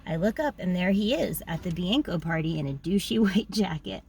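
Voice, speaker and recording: Young woman host, low voice, casual and candid, reads from her diary with frequent ums. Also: animated, a little fast, creaky, darkish tone, husky. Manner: frank, chatty, with filler ums and laughs. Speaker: podcast host reading her journal. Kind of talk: casual journal reading.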